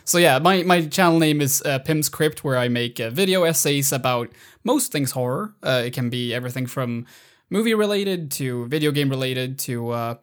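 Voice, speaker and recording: A man's voice: mid-range voice, animated, normal speed. A man guesting on a casual podcast who makes horror video essays, talking in an easygoing, hesitant way with many fillers.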